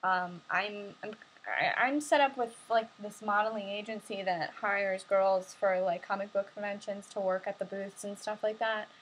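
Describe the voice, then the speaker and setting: A woman's voice: medium pitch, steady tone, normal speed, a bit bright, slight background noise, low-quality recording. A young woman from New Jersey casually chatting on a live stream, rambling with lots of fillers and restarts as she answers viewer questions.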